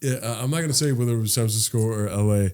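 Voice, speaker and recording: Speaking very fast in a smooth voice on the low side, a young man co-hosting a laid-back podcast spins animated stories loaded with swearing and quotes he acts out.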